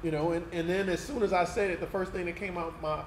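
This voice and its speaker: A man's voice: high-pitched, steady tone, quick pace. A man preaching a personal testimony sermon in a candid, conversational way, often checking in with the congregation. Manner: candid, conversational, tag questions like "right?". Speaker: pastor. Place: event hall used for Sunday service. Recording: roomy hall sound with faint noise.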